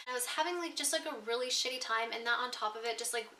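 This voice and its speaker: A woman's voice: a little high, fast talker, bright, forceful tone, distant mic, slight background noise. A woman in her twenties telling a storytime vlog, candid and upset, swearing freely as she recounts her grievance. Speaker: vlogger. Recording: roomy echo, mic set back.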